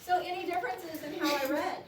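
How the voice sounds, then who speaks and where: A woman's voice: very high voice, fairly even intonation, fast talker. A woman teaching a class, reading a poem aloud with expression and asking students questions about how she read it. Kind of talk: classroom poetry reading and discussion. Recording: roomy classroom sound from a distant mic with noise.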